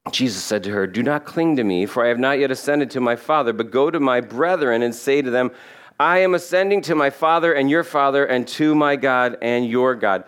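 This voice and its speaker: A man's voice: mid-range voice, fairly quick, fairly bright tone, smooth. Man preaching a conversational sermon. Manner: conversational, humorous asides. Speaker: pastor. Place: church sanctuary.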